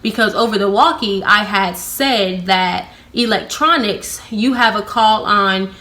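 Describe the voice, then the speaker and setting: Blunt young woman vlogger, bright tense voice, casual storytime with swearing and sarcasm. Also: medium pitch, measured pace. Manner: blunt, profane, heavy use of "like" fillers; sarcastic, animated when quoting herself.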